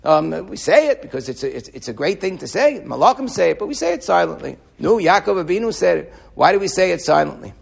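A man giving an animated Torah class, quoting Hebrew and often repeating words as he thinks. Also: high voice, fast talker, gravelly, few pauses, slightly rough.

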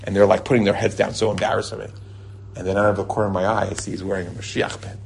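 A man telling lively stories to a group and weaving in religious teaching, often jumping into a high excited voice when he quotes people. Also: racing, gravelly, slight background noise. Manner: animated storyteller, jumps to a high excited voice when quoting people; chuckles and restarts mid-sentence. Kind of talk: storytelling talk with religious teaching. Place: lives in Israel.

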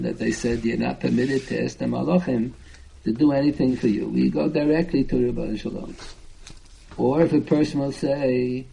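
Gravelly-voiced man teaching a Talmud class. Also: medium pitch, mellow, poor audio. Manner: explains step by step, chanting Hebrew and Aramaic quotes.

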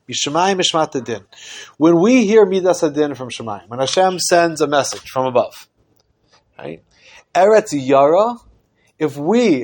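A man teaching a Torah class, explaining a text with lively acted-out dialogue and many Hebrew terms. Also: fairly high pitch. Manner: animated, acts out quoted dialogue.

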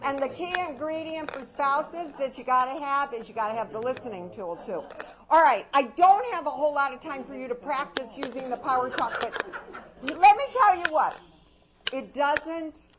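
Lady running a parenting workshop, highish voice, muffled recording with noise. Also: normal speed. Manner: animated, drops to a low soft voice to demonstrate. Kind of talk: live workshop talk.

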